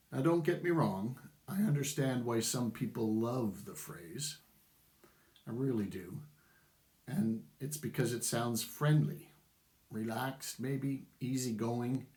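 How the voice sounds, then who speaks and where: A man's voice: mid-range voice, darkish tone, roomy sound. A middle-aged man giving casual, opinionated commentary to camera, chuckling wryly as he goes. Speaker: vlogger.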